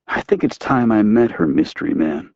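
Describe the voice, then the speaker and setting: A man's voice: fairly low pitch, very animated, normal speed, darkish tone, no room sound, dull audio. A man reading an audiobook, voicing a smug, callous man who talks in a dismissive, sardonic way.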